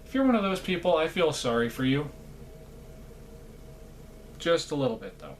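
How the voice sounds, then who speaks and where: A man's voice: fairly high pitch, big pitch swings, normal speed, a little hiss or hum. A man chatting casually in a vlog, rambling and self-deprecating, with lots of fillers and asides. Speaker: vlogger.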